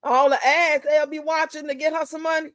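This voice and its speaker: A woman's voice: high-pitched, flat delivery, a little fast, fairly bright tone, dry recording. A woman hosting a live stream, chatting casually in a blunt, profane, drawling way.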